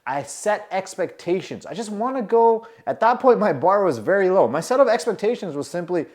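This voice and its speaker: A man's voice: sits high, sing-song, fairly quick, a little mellow. A man coaching on confidence, telling a personal story and acting out his own anxious inner monologue, moving between tense mutters and emphatic bursts.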